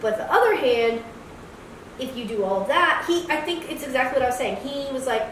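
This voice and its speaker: Her high-pitched voice moving fairly quickly, a woman co-hosts a casual movie review podcast, bluntly sharing strong opinions and slipping into animated mock voices. The recording has slight background noise, an echoey room and a distant mic.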